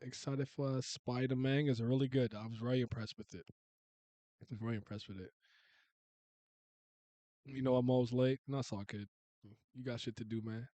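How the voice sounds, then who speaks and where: A man's voice: mid-range voice, fairly even intonation, normal speed, long pauses, warm tone, no echo. A man in his thirties, from Canada, chatting casually and rambling with viewers as a streamer. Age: 30s. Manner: rambling, restarts and laughs, uses slang.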